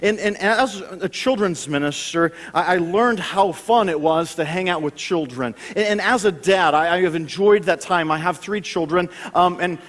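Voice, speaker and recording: A man's voice: sits high, normal speed, few pauses, fairly bright tone, long reverb tail. A man in his thirties preaching a sermon, telling family stories with frequent stammered restarts.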